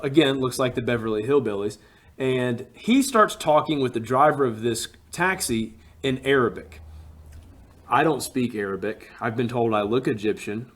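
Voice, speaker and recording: A man from Alabama, telling a personal travel story in a casual, animated way and acting out what people said. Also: medium pitch. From Alabama, USA. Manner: animated, acts out quotes with rising emphasis.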